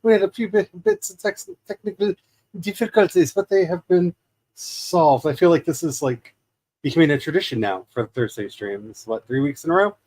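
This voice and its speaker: A man's voice: a little high, animated, moderate pace, a little mellow. A man hosting a live gaming stream, chatting casually and upbeat, laughing easily. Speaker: stream host. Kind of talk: casual chat. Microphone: streaming mic.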